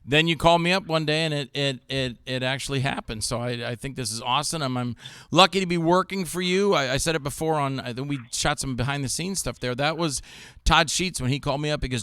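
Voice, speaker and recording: A man hosting a casual talk show, telling animated stories and acting out what others said. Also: medium pitch, a little fast, clear, resonant tone, no room sound, clean studio sound. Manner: animated storyteller, acts out quotes of others. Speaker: show host. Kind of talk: casual chat with jokey impressions.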